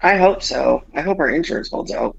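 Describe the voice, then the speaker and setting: On dull lo-fi audio, a woman hosts a laid-back podcast, her voice low, creaky, and fairly quick. She recounts a raunchy, humorous tale, performing both voices in the conversation herself.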